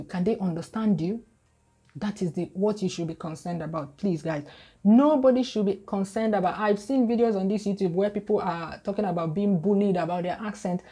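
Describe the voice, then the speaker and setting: A woman's voice: medium pitch, mellow. A woman from Nigeria with a Nigerian English accent, talking casually to camera as a YouTube host in an emphatic, lecturing way full of rhetorical questions.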